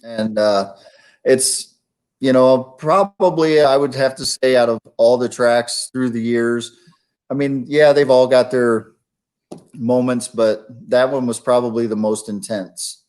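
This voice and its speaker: A man telling racing stories in a relaxed, rambling way, with lots of fillers. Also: mid-range voice, a little slow. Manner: laid-back, rambling with many fillers. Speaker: guest, retired monster truck driver. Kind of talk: casual storytelling chat.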